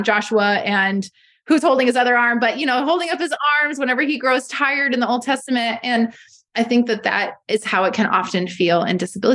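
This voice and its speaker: A woman in her thirties with a slightly high, somewhat bright voice appears as a podcast guest in a conversational interview. A mother, she tells personal stories in an earnest, reflective manner.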